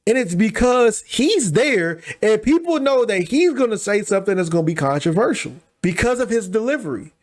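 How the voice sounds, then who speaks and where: High-voiced man reacting casually. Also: very animated. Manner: fast, agreeing, restating the guest's point with slang. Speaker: reaction channel host. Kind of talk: casual commentary.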